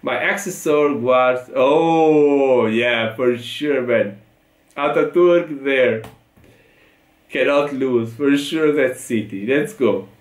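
A man's voice: medium pitch, slow. A man with an Italian accent hosting a reaction video, reading tweets aloud, laughing often and repeating short phrases. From Italy. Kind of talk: reacting to tweets, casual chat. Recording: echoey room.

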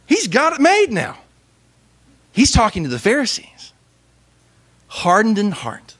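A young man, a pastor, giving an earnest sermon with emphatic pauses. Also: high voice, wildly swooping pitch, a bit bright, slightly rough.

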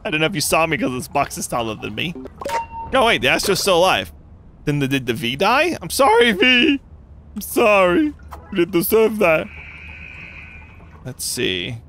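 A young man giving playful, animated commentary while playing a game, with quick reactions and jokey cries of pain. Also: on the high side, slight background noise. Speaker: gaming YouTuber.

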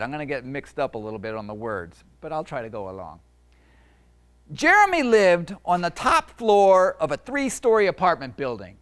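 A man who is an author and illustrator, chatting casually to a library audience and reading his own picture book aloud, often breaking off to ad-lib. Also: medium pitch. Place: public library event.

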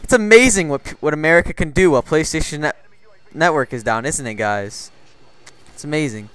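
A young man with a slightly high, smooth and clean voice tells loose, rambling stories over gameplay. He swears freely and trips over his words. His delivery is casual and unscripted, like chatting to his viewers. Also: fairly quick, fairly bright tone, rough recording. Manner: rambling, profane, filler-heavy. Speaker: gaming channel host. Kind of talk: casual gameplay commentary storytelling.

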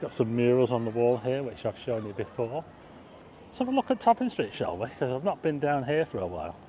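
A vlogger with a mid-range, mellow voice talks fairly quickly, his pitch swinging widely. Slight background noise accompanies his rambling, conversational tour of a car park roof and town streets at night, where he points out sights to his audience.

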